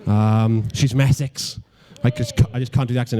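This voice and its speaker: Stammering young Welsh stand-up comic. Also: male voice, mid-range voice, fairly even intonation, normal speed, hardly any pauses, dark tone. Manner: self-deprecating, stammering restarts, mock-logical. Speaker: stand-up comedian. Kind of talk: stand-up comedy routine.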